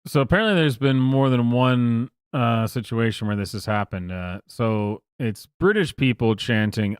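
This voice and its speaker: A man's voice: mid-range voice, normal speed, few pauses, clean tone, dry recording. A man streaming live, rambling through profane commentary with many fillers and restarts. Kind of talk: casual livestream commentary.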